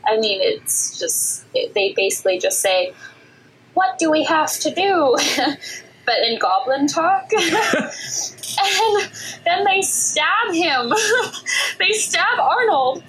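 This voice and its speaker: High-voiced giggly woman podcast co-host. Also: big pitch swings, fairly bright tone, slight background noise, low-quality recording. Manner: giggly, filler-heavy retelling with quick asides. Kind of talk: casual chat recapping a film.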